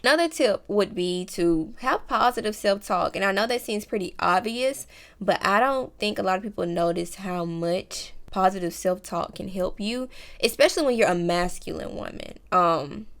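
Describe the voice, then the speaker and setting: Chatty woman with a gravelly edge. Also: mid-range voice, expressive, moderate pace, a bit bright. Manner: chatty, slang-filled, addresses viewers as y'all and baby. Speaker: lifestyle vlogger. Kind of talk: casual advice vlog.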